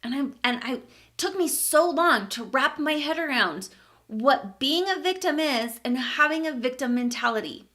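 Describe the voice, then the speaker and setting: Woman, vlogger, personal story, candid, emphatic, casual swearing, sharp bright tone. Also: high voice, animated, normal speed.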